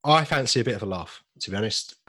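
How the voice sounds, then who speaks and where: A man's voice: fairly low pitch, animated, fast talker, pushed and bright, no room sound. A man co-hosting a podcast in casual chat, joking, reading film synopses aloud and swearing now and then. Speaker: podcast co-host.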